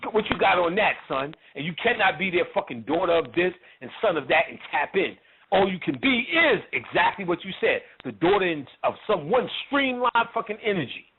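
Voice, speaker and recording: A man with a high, breathy-edged voice teaches occult ideas in casual, joking, profane talk, imitating other people's voices along the way. The recording sounds tinny, like a phone, with faint hiss.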